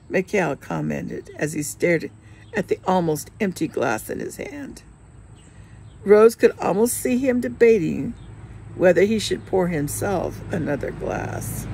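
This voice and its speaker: A woman reading a novel aloud with steady storytelling narration. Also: lowish voice, measured pace, vocal fry, slightly rough, low-quality recording. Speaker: reader.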